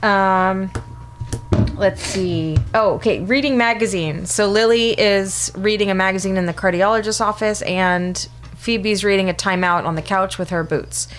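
A woman co-hosting a podcast in casual chat, chatty, with frequent fillers and quick agreeing yeahs. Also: medium pitch, fairly bright tone. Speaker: podcast co-host. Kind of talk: casual chat comparing TV episodes.

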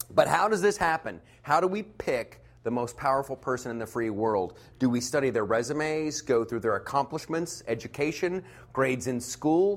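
A middle-aged man performing a stand-up comedy set, animated and mocking, slipping into quick impressions. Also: a little high.

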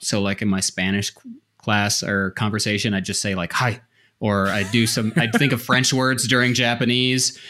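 A man's voice: medium pitch, fairly bright tone. A man co-hosting a podcast in casual chat, rambling and poking fun at himself. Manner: self-deprecating, rambling with restarts. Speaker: podcast co-host.

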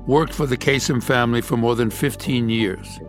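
A man with a mid-range voice reads scripted documentary narration. His delivery is measured and matter-of-fact, with faint music underneath. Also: medium pitch, steady tone. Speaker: podcast narrator.

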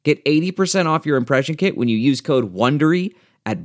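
A man reading a scripted advertisement in a smooth, friendly pitch. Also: lively intonation, moderate pace. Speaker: ad narrator.

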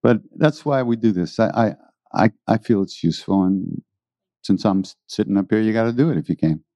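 A deep-voiced man talks to a gathered audience about spiritual practice, earnest and loosely rambling, circling back to repeat his phrases. His tone is dark and mellow, recorded close and dry. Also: normal speed, dry recording. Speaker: spiritual teacher giving a talk. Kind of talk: informal spiritual talk to a live audience.

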